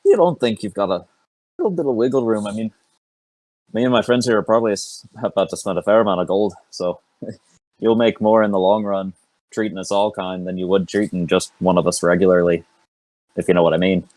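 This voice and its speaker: A man's voice: on the low side, brisk, darkish tone, no echo, close to an everyday voice, rough recording. A man voicing a sly, cheerful adventurer haggling with a shopkeeper in a raised, jaunty voice. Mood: wheedling.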